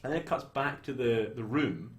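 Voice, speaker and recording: A young Scottish man tells a film's plot in loose, animated chat, swearing as he goes and slipping into the voices of the people on screen. His voice sits at an ordinary middle pitch. The room has a noticeable echo. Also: moderate pace. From Scotland. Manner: animated storytelling, swears freely, acts out lines from scenes. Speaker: podcast co-host. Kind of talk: casual film recap chat. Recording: roomy echo.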